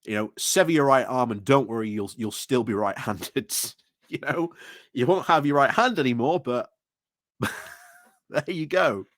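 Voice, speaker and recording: A man's voice: medium pitch, a little slow, a bit bright, no room sound, studio quality. Sarcastic man. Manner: sarcastic, chuckling, rambling with restarts. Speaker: political commentator. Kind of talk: opinionated video commentary.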